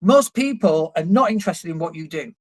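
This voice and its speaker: Livestreaming from his computer indoors in Spain, this marketing coach speaks fairly quickly in a high-leaning voice with lively intonation. He's casual, blunt, and emphatic, swearing occasionally and mimicking objections in mocking put-on voices.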